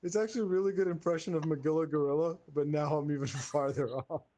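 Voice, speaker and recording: High-voiced playful male improv host. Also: steady tone, quick pace, mellow. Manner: tired, playful, mock-grand when awarding points. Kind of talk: casual online improv chat.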